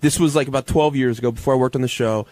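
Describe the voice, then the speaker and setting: A man telling a story on a radio talk show, halting and stammering as he goes. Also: mid-range voice, steady tone, darkish tone, no echo. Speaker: show staffer.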